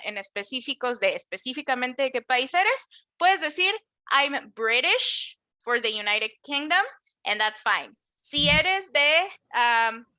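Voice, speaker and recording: Her voice high and bright, a bilingual English teacher runs an online class on nationalities. She explains in both English and Spanish, switching between them, and says model words slowly and at length for her students to repeat.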